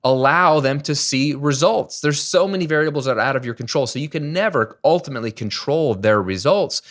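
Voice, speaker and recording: A man speaking at an everyday mid-range pitch, coaching his viewers in a casual, chatty tone. He drives his points home with emphatic rhetorical questions. Now and then he slips in a self-deprecating aside. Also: fairly bright tone. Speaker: online business coach. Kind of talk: casual teaching to camera.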